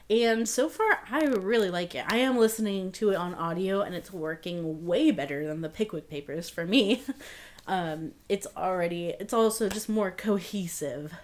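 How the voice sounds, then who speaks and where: Chatty woman reviewing books. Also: lowish voice. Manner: chatty, frequent fillers and laughs. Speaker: book vlogger. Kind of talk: casual book review chat.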